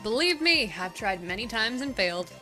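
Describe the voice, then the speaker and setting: A cursed old golf ghost who keeps a shop in purgatory, speaking in a theatrical, uneven Scottish lilt, as a woman puts him on. The voice sits bright and fairly high. Soft game music plays behind. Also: very animated, normal speed. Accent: attempted Scottish, mixed with Irish and British. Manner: theatrical reading of game dialogue.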